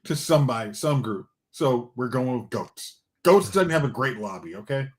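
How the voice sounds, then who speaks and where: A man co-hosting a casual movie podcast, ranting in excited bursts. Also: medium pitch, normal speed. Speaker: podcast co-host.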